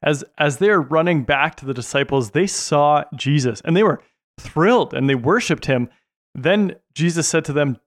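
Man co-hosting bible story, steady narration, dry close mic. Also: on the high side, moderate pace, no room sound. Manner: steady, narrating, brief affirmations.

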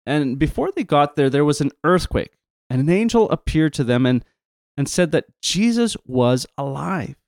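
A man's voice: a little high, animated, moderate pace, a little mellow, no echo, studio quality. A man co-presenting a retelling of a Bible story, talking casually with emphatic asides and restarts.

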